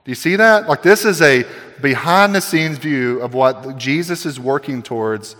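A man's voice: medium pitch, expressive, moderate pace, fairly bright tone. A man preaching a casual, jokey sermon that is full of rhetorical questions to the congregation. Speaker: pastor. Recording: long hall reverb.

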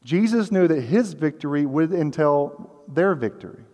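Soft music plays behind a pastor whose slightly high, warm voice moves at a moderate pace and is expressive. Preaching earnestly and conversationally in a church sanctuary with long hall reverb, he occasionally acts out the story's voices.

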